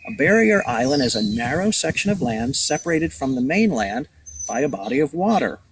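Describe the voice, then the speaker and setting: A man reading a calm female schoolteacher who explains facts to her class. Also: mid-range voice, normal speed, natural voice. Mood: explaining. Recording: distant outdoor mic, birdsong noise.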